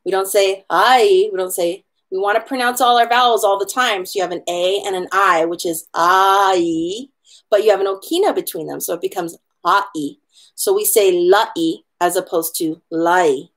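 Woman from hawaii teaching hula online, chatty and encouraging, spells stuff out slow. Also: mid-range voice. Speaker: hula instructor. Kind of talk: online class lesson on pronunciation.

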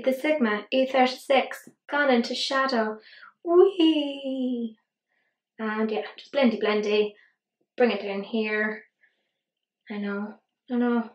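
A tired woman chatting casually through a makeup tutorial, rambling, swearing and poking fun at herself. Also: a little high. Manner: rambling, sweary, self-deprecating. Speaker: beauty vlogger. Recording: roomy echo.

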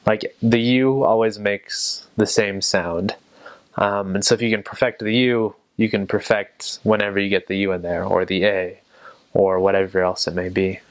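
A young man who served as a missionary, talking slowly and carefully and repeating each word. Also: on the low side, steady tone. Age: young adult. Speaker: returned missionary. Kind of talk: casual talk with vocabulary recitation.

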